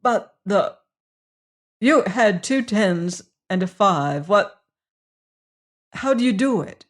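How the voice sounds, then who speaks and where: A gruff, puzzled prison warden from an audiobook mystery presses with sharp questions, read by a woman. His voice is somewhat louder than the narration. He sounds like a man of authority out of his depth. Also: mid-range voice, lively intonation, slow. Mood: demanding. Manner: demanding, questioning. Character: stern, baffled male prison warden.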